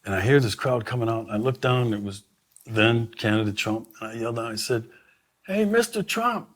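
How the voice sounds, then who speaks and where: A middle-aged man with a lowish voice spins a long anecdote in a conversation. He is emphatic and keeps restarting his sentences while he finds the words. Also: little pitch movement, fast. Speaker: sheriff, guest. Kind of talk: storytelling in a conversation.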